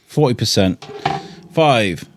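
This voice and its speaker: A man's voice: fairly low pitch, animated, slow pace, background noise. A man hosting a podcast quiz game, announcing answers and counting down in an upbeat manner. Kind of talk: game-show style hosting.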